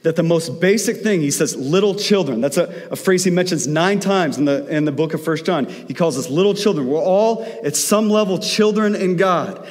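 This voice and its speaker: A man's voice: fairly high pitch, moderate pace, hardly any pauses, in a large hall. A man preaching a sermon as pastor, telling stories in a conversational way.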